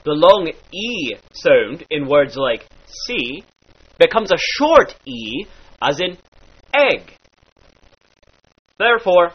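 A man teaching vowel changes in a playful mock-archaic manner, calmly spelling out each sound. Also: a little high, slow pace, pauses often, slightly rough, lo-fi sound. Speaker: accent teacher. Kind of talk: instructional voice lesson.

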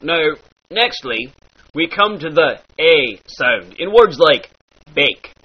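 A man's voice: on the high side, animated, slow, slightly rough. A man giving a playful lesson in pirate speech, using mock-archaic phrasing and demonstrating each sound. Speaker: accent teacher. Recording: dull lo-fi recording.

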